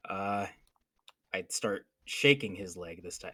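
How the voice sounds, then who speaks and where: Hesitant low-voiced male player. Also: animated, slow pace, bright, forceful tone, dry recording. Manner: hesitant, many fillers, drops to mutters. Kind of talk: tabletop role-play.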